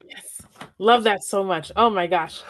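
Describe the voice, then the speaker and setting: A woman's voice: mid-range voice, measured pace, slight background noise. A woman interviewing a poet, asking questions casually with hesitant fillers.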